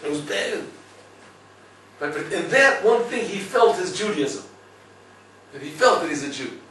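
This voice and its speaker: A man giving a lively Torah class, telling stories and checking with listeners as he goes. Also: on the high side, measured pace, heavy reverb, far from the mic, slight background noise, low-quality recording. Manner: storytelling, lively, asks listeners "right?". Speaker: rabbi teaching a class.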